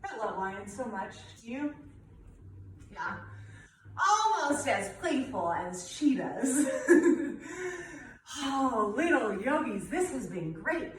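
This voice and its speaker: Bright, playful kids' yoga teacher woman. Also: a little high, big pitch swings, slow, very echoey, far from the mic, a little hiss or hum, low-quality recording. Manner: playful and encouraging, laughs often. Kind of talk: guided children's yoga class.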